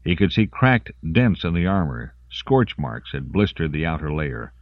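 Deep-voiced man narrating an audiobook. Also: big pitch swings, moderate pace, no room sound, highs cut off. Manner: dramatic storytelling reading. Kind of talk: scripted narration.

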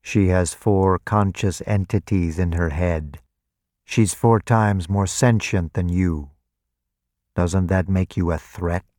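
A cold, calculating vampire commander speaks as a man puts him on, deep and unhurried, each line measured and clinical. The quiet menace sits in a dry, close voice with no room around it. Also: no echo.

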